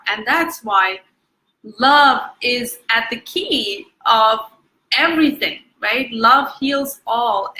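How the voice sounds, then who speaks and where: A woman's voice: fairly high pitch, pushed and bright, roomy sound, rough recording. A woman coach giving an earnest motivational talk to viewers, repeating words for emphasis and using many fillers. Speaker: EFT coach.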